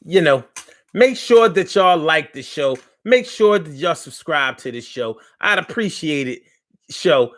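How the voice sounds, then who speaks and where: A man's voice: fairly high pitch, lively intonation, a little slow, a bit bright. Casual man hosting a live talk stream. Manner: playful, repeats phrases, reads viewer comments aloud. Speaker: host of a live online talk show.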